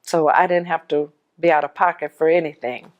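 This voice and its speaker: A middle-aged widow giving a personal testimony, telling her story in an animated way and acting out the dialogue. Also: low voice, moderate pace, lo-fi sound.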